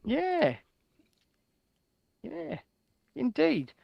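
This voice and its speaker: A man co-hosting an irreverent news chat show, loud, jokey and swearing. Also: extremely high pitch, huge pitch swings, very slow, gravelly, no echo, muffled recording. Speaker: podcast co-host.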